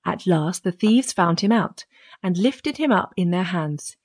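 A woman narrating a children's fairy tale audiobook in a steady storytelling manner. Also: lowish voice, a little slow.

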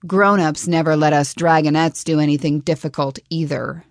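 A woman's voice: low-pitched, fairly even intonation, moderate pace, no echo, clean studio sound. A woman voicing a playful young female dragonette with a light, breezy, teasing manner in an audiobook. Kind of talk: audiobook character voice.

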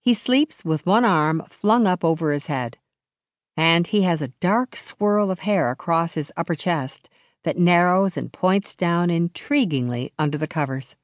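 Woman, audiobook narrator, low-pitched, expressive measured reading, dry studio sound. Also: no room sound. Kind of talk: scripted first-person narration. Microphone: close studio mic.

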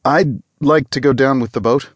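A man voicing a proud young landsman who speaks flatly. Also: medium pitch, moderate pace, slightly rough, no room sound, voice pushed up, lightly acted. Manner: flat, clipped.

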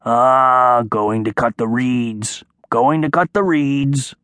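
A man voicing a huge, angry female troll who booms slowly and menacingly. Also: fairly bright tone, clean tone, dry recording. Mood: muttering. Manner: booming, slow and menacing.

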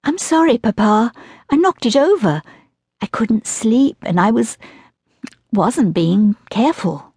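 A woman's voice: lively intonation, takes it slowly, husky, no room sound, studio quality, exaggerated voice. A woman narrator voicing a spirited, slightly peevish young girl in an audiobook. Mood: meek. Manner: higher and brighter than the narration. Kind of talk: audiobook character voice.

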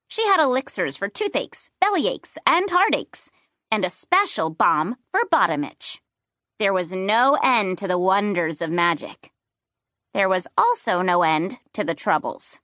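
A woman narrating a children's fantasy book in first person, with playful and expressive storytelling. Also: mid-range voice, a little slow, dry recording, clean studio sound. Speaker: audiobook narrator.

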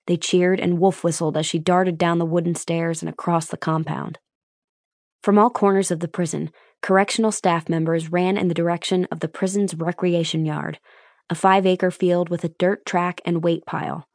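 A woman narrating a suspense audiobook in a steady, measured reading. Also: lowish voice, no echo, studio quality. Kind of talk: scripted narration.

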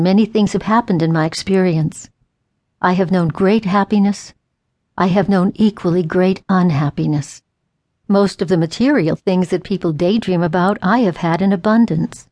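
A woman narrating an inspirational memoir audiobook in an earnest, measured way. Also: medium pitch, a little mellow, no echo.

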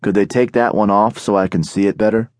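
A man voicing a wary, parched male captive with a rasping voice, in an audiobook. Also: on the low side, steady tone, brisk, dry recording, clean studio sound, close to an everyday voice.

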